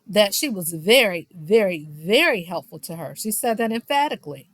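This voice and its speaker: A woman recapping a reality TV show, sassy and gossipy, with speech. She has a fairly high voice and acts out the cast's lines in animated snatches. The sound is dry and close, with no room around it. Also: no echo. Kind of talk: casual recap commentary.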